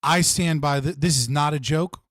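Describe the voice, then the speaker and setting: A man hosting a live stream delivers a heated, profane political rant, repeating himself for emphasis. His fairly high, fairly bright voice moves at normal speed, recorded with studio quality and no room sound.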